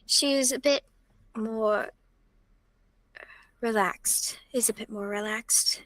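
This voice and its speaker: A woman playing her character in a tabletop game, speaking quietly and haltingly with pauses. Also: fairly high pitch, no room sound, low-quality recording. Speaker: player.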